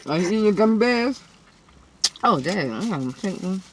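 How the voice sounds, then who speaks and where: A woman hosting a casual eating video, chatting to camera between loud bites, humming and smacking. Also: medium pitch, animated, moderate pace, noisy background. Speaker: eating show host. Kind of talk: casual mukbang chat to camera.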